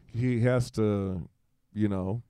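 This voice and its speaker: A man's voice: lowish voice, steady tone, slow pace, mellow, clear, resonant tone, dry recording, clean studio sound. A man in his forties, a guest in a casual conversation, telling a personal story and acting out quoted dialogue in livelier voices, with frequent restarts.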